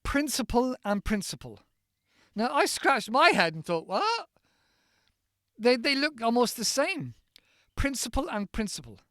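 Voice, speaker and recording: A man from the United Kingdom, teaching in a chatty, playful podcast lesson and slowly spelling words out letter by letter. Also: very high voice, sing-song, bright, forceful tone, no room sound, studio quality.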